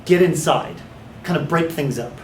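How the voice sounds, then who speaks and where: A man teaching a small class of hypnotherapy students, sometimes slipping into a slow, authoritative guided-imagery voice. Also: fairly high pitch, slight background noise. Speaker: hypnotherapy trainer. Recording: echoey room.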